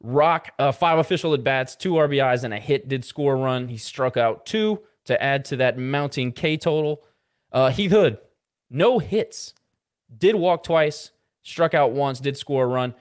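A man's voice: mid-range voice, measured pace. Casual man reading off baseball stats. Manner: rattles off baseball stats with filler "uh"s. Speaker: podcast co-host. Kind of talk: casual sports podcast chat.

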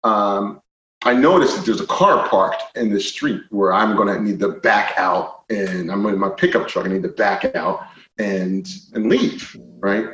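A man telling a personal story as a podcast guest, animated, moving from quiet stretches to loud indignant retellings. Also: lowish voice, measured pace, a little hiss or hum. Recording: roomy, slightly dull podcast audio.

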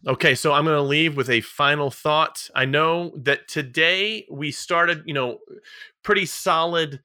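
A man's voice: a little high, unhurried, pushed and bright, dry recording, clean studio sound. A man co-hosting a podcast, talking in an emphatic, motivational way and repeating his key points, with a slightly sarcastic edge. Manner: a little sarcastic. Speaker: podcast co-host. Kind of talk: casual podcast chat.

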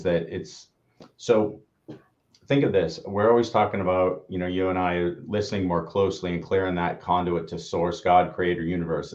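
Male co-host, very low voice, earnest and thoughtful, muffled lo-fi sound. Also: a little mellow. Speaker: podcast co-host. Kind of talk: casual coaching conversation. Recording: dull lo-fi audio.

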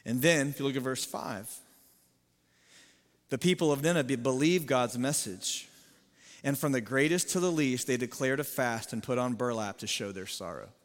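A male pastor preaching a sermon, emphatic, swinging from loud rising appeals to low sober warnings. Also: moderate pace, in a large hall.

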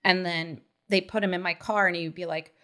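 A woman in her thirties telling a personal story in casual chat, acting out quotes with lively shifts. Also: fairly low pitch, fairly quick, noisy background. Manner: animated storyteller who acts out quotes. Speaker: guest, mother.

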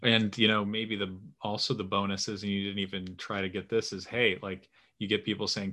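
A man's voice: on the low side, little pitch movement, brisk, hardly any pauses, pushed and bright. A man hosting an interview, asking long rambling questions full of fillers. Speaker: podcast host. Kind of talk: casual interview talk.

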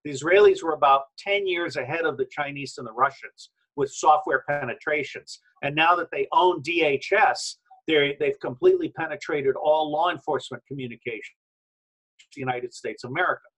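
A man with a husky, somewhat high voice talks in a forceful, emphatic way, jumping between claims. He comes through a video call whose audio glitches and turns robotic at times. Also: brisk, low-quality recording. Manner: emphatic, rambling, combative. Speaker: guest. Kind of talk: opinionated remote interview.

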